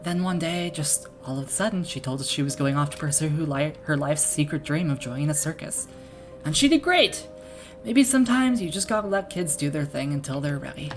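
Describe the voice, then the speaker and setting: A woman's voice: sits low, lively intonation, brisk, faint music behind. A woman putting on a gossipy folksy game parent. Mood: gossipy, fretful. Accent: put-on Minnesota accent drifting to Irish. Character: chatty small-town parent in a video game. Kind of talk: reading game dialogue aloud.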